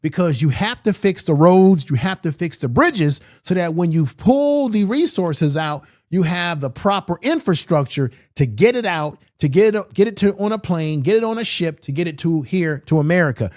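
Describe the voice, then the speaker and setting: A man's voice: sits high, lively intonation, normal speed, few pauses, darkish tone. A man giving opinionated political commentary with emphatic delivery and repeated rhetorical questions.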